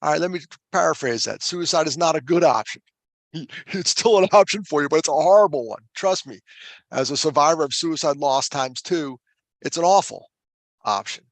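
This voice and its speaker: A man's voice: fairly high pitch, animated, normal speed, dry recording. A man who runs a suicide prevention foundation, talking with self-deprecating humor and earnest emphasis as a show regular. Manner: earnest and emphatic when driving a point home. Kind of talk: conversational storytelling on a podcast.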